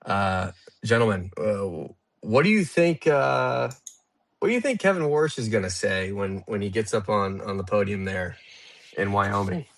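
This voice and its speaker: Host, male, low and gravelly, rambling panel talk full of fillers, remote audio room. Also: animated, a little slow. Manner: loose and rambling, many fillers and restarts. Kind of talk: casual market discussion.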